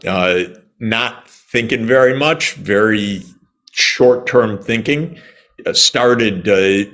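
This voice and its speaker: A man's voice: on the low side, a bit bright. An older man from the United States, answering an interviewer in an emphatic, indignant way with sarcastic asides and the odd cough. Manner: coughs at times. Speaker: interview guest, economist.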